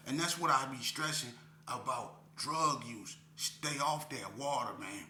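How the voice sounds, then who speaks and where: A man in a casual interview, telling a story in streetwise slang and checking in with listeners as he goes. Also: a little slow. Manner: animated, climbs high when retelling. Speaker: interview guest. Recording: echoey room with faint hum.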